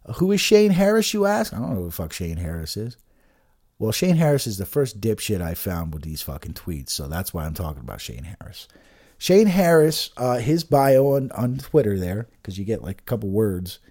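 Brief: a man ranting about politics, swears a lot, animated swings, mellow tone. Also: fairly low pitch, moderate pace. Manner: profane, agitated, with many restarts. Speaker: political commentator.

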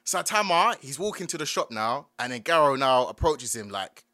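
A young man chats on a casual podcast. He retells scenes with a bright, forceful tone. His pitch jumps around, and he drops slang as he talks. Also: normal speed. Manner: animated storytelling, slangy. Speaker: podcast co-host. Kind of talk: casual chat.

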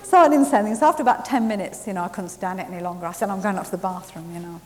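A woman preaching a sermon, telling a lively story and laughing at herself along the way. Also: mid-range voice, racing. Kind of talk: sermon with testimony. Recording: hissy recording in a reverberant hall.

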